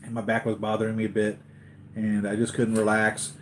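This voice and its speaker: A man's voice: on the low side, completely flat delivery, brisk, a little hiss or hum. A man hosting a live collectibles stream, chatting casually with viewers, tired after a sleepless night and rambling with many restarts.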